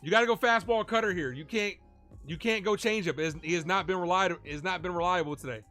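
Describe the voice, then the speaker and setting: A man calling live play-by-play for his stream as a fan, excitable and shouting at big plays while he chats with viewers and reads their donations. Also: high voice, fast, faint music behind.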